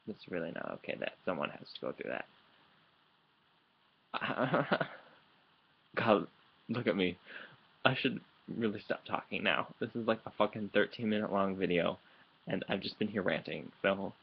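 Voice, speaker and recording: Casting note: a man fired up in a late-night webcam rant, low voice, swearing constantly, muffled lo-fi audio. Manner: heated, profane, rambling with restarts. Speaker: vlogger. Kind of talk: angry vlog rant. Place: indoors at home, late at night. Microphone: computer microphone.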